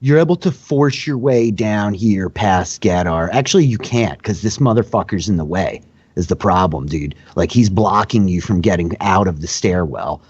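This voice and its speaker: A man's voice: sits low, animated, moderate pace, darkish tone, slightly rough, no echo, muffled recording. A man running a tabletop game as dungeon master, narrating in a loose, profane, laughing way.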